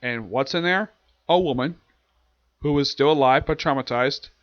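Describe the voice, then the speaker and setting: A man giving a casual, rambling episode recap and review, often restarting sentences and dropping into quick quoted lines. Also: mid-range voice, no echo, muffled recording. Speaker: anime reviewer.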